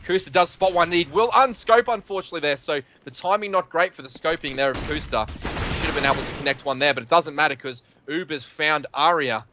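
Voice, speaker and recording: A man with an Australian accent calling live esports play-by-play, excitable and climbing on the big plays. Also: fairly high pitch, fairly quick, noisy background. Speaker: esports commentator. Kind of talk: play-by-play commentary.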